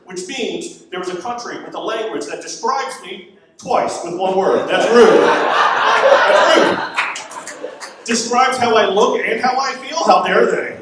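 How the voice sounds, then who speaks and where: A man in his forties works the stage with a stand-up set, chatty and self-mocking, wandering into rambling asides. His voice sits a little high for a man. The sound is distant and heavily reverberant, with clear noise and crowd laughter behind him. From Florida. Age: 40s. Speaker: stand-up comedian. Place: comedy venue stage. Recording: roomy venue sound from a distance. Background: audience laughter.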